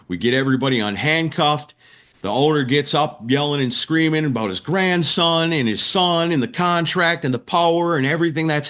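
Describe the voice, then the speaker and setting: A man's voice: medium pitch, fairly bright tone. A man, a wrestling announcer and writer, vividly retelling stories as a guest in an interview, acting out the quotes. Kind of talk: animated storytelling in a podcast interview.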